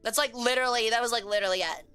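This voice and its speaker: A woman's voice: on the high side, very fast, fairly bright tone, clean tone. A woman streamer chatting casually on a live stream, slangy and joking as she reacts to chat, with faint music behind her.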